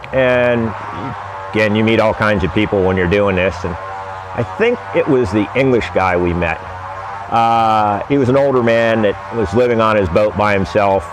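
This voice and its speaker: A man tells a rambling travel story in a relaxed, wry manner. His voice sits fairly low. Music plays clearly behind him. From United States. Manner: laid-back, wry, rambling anecdotes. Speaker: vlogger recounting sailing travels. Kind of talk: casual storytelling.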